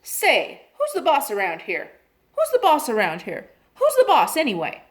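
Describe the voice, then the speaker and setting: A woman voicing a cross, rude female parrot who yells and repeats herself in a storybook reading. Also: very high-pitched, lively intonation, moderate pace, pitched above the performer's own voice. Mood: rude, yelling. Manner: rude, yelling, repetitive.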